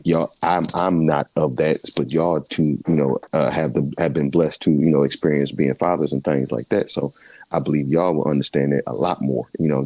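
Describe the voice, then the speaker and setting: A man co-hosting a sports podcast, talking in a rambling, joking, animated way. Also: rumbling low, husky, no room sound. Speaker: podcast co-host. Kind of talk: casual sports chat.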